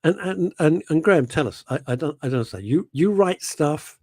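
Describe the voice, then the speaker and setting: Animated man hosting a radio chat. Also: fairly high pitch, moderate pace, dry recording. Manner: animated, rambling, self-interrupting. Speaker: radio show host. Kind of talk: casual radio chat reading listener messages.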